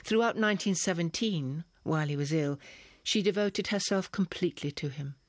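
A man reading a first-person story as a narrator, measured and expressive. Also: on the high side, no echo, clean studio sound. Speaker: audiobook reader.

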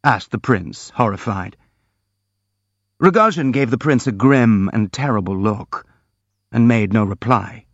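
A man narrating a novel in a calm, measured reading voice, recorded dry and slightly dull. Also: fairly low pitch, no echo. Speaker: audiobook narrator. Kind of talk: scripted narration.

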